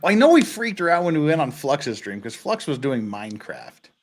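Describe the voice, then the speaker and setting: Animated, laughing man hosting a stream. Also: a little high, fairly quick. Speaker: livestream host. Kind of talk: casual livestream chat.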